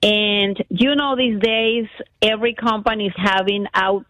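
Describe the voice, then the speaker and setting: Excited woman telling her story. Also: medium pitch, unhurried, dry recording, poor audio. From Miami, Florida. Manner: animated, breathless retelling with loose grammar. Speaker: guest caller. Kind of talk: casual storytelling.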